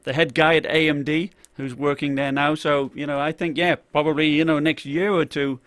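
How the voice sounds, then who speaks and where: Speaking in a level, slightly high, somewhat bright voice at a moderate pace, this man hosts a laid-back live stream about tech gear. He rambles with plenty of fillers like "uh" and "you know," restarts often, and stops to greet viewers from the chat by name. There's no echo, just a dry sound.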